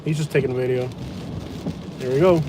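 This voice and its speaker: A man vlogging live from inside a truck during a hurricane, talking in a blunt, mocking, excitable way. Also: medium pitch, brisk. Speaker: storm-chasing vlogger. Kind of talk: live storm commentary. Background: rain and wind.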